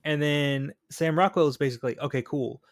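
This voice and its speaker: A podcast co-host, male, is casually discussing a film and animatedly acting out lines from it. His voice runs on the high side and a little fast, and the recording is dry with clean studio sound.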